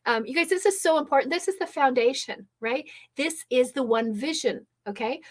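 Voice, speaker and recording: Energetic woman coaching a live workshop. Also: high-pitched, moderate pace. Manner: energetic, many fillers and "okay?" check-ins; reads and answers live chat comments. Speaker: business coach and workshop host. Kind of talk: live online workshop teaching.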